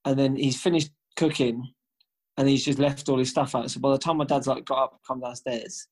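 A man's voice: mid-range voice, fairly even intonation, fairly quick. A young man, co-hosting a podcast and telling a long family story in casual, slangy, profane chat. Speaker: podcast co-host.

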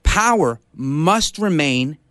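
Impassioned talk radio host, lively pitch. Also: male voice, takes it slowly, dry recording, studio quality. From Brooklyn, New York. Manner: impassioned, rallying. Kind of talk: conservative talk radio monologue. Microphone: studio broadcast mic.

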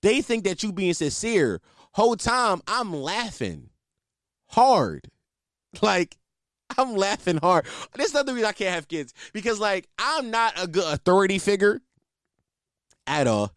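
A man's voice: high-pitched, big pitch swings, unhurried, fairly bright tone, no echo, clean studio sound. A young man telling comic stories in a loose, slangy way, laughing often and swearing freely. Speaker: comedian. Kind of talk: casual comedic storytelling.

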